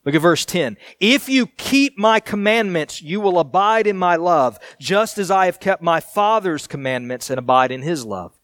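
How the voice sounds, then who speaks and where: A man pastor preaching a sermon, reading scripture and explaining it in an earnest way, sometimes raised and sometimes hushed. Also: high voice, lively intonation, normal speed, hardly any pauses.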